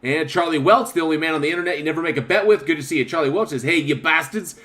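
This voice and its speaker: Laughing podcast host reading chat. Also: male voice, on the high side, very fast, sharp tone. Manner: reads chat comments aloud, laughs often. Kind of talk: casual chat.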